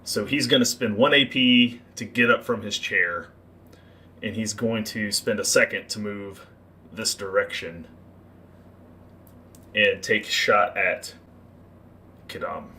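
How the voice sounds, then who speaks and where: Bright-voiced man running a tabletop game. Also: fairly low pitch, slow, pauses often. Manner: relaxed, rule-explaining, hesitant fillers. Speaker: game master.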